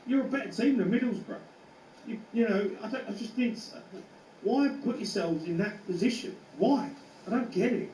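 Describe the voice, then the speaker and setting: A man's voice: high voice, normal speed, a little mellow, reverberant, far from the mic, slight background noise, rough recording. A man on a sports radio show, bantering and joking as a pundit. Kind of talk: casual radio chat.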